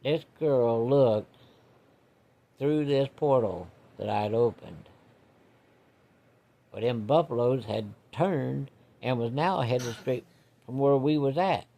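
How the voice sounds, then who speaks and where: A man's voice: mid-range voice, slow pace, creaky, pauses often, mellow. A man telling a rambling personal story in a folksy, casual way.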